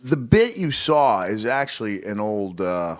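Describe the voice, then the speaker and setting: A middle-aged man with a low, deep voice talks as a podcast guest. He tells loose, winding stories, stumbles through restarts and laughs along the way. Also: sing-song, measured pace. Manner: rambling storyteller with frequent laughs and restarts. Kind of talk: casual chat.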